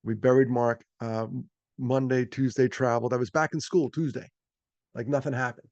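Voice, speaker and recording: A man's voice: mid-range voice, fairly even intonation, normal speed, a little mellow, no echo, highs cut off. A middle-aged man from New York telling personal stories in a folksy, self-deprecating way, full of fillers, over a video call. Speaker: speaker. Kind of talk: storytelling talk.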